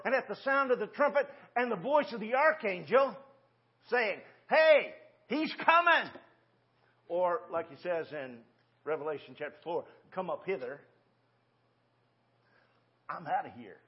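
In a lo-fi recording from a church sanctuary, a pastor in his sixties preaches at a measured pace, pausing often, his voice sitting high. He keeps it folksy and conversational, asking rhetorical question after rhetorical question.

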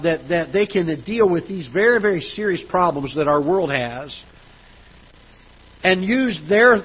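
A man's voice: fairly high pitch, slightly rough, dull audio. A man preaching a sermon as pastor, earnest, often restarting and repeating words. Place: church auditorium.

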